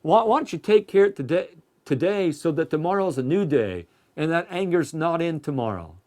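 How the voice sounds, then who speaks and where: A man's voice: on the high side, lively intonation, normal speed, a little mellow. A man preaching a sermon in a conversational way, asking his listeners direct questions.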